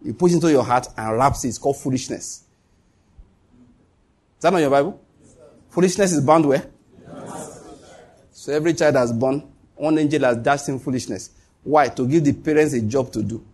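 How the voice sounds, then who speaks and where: A man's voice: mid-range voice, normal speed, pauses often, darkish tone, breathy edge. A man preaching a sermon as pastor, emphatic, repeating his points and swinging his voice up and down.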